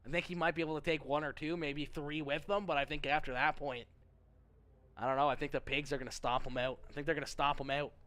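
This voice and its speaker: Rambling, joking male streamer, higher voice. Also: fairly bright tone, clear, resonant tone. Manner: rambling, joking, repeats himself. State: feeling unwell. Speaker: livestreamer reading chat. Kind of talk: casual livestream chat.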